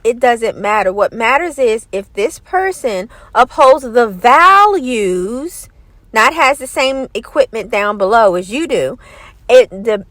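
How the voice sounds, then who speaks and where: A woman's voice: sits high, a bit bright, no room sound. A woman vlogger giving casual opinion commentary in a light, scratchy voice. She talks emphatically and acts out other people's lines.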